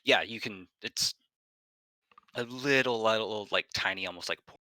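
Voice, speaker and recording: Male game master, casual live-stream narration, low and very bright tone, dry close mic. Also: no room sound, poor audio. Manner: casual, halting narration with fillers and brief put-on guard voices. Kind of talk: narrating a tabletop game with players.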